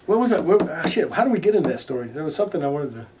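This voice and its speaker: Rambling, slightly high-voiced man telling stories. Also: very animated, racing, far from the mic, slight background noise. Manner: rambling anecdotes with many restarts and fillers; swears casually and acts out quoted lines loudly. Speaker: interview guest, recording artist. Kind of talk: casual storytelling in conversation.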